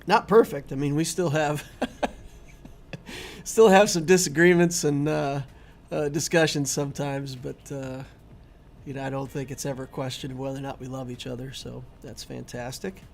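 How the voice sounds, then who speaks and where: A man's voice: mid-range voice, fairly even intonation, moderate pace, gravelly. A middle-aged man hosting a gaming channel, chatting casually and easily with his viewers while he streams. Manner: chatty and easygoing, talking to viewers. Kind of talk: casual live-stream commentary.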